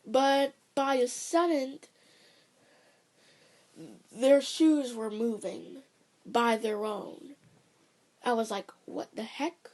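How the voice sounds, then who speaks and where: A woman's voice: a little high, fairly even intonation, drawn-out words, pauses often, a little mellow. A woman casually retelling a cartoon episode, rambling and self-correcting, with chatty asides. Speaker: storyteller.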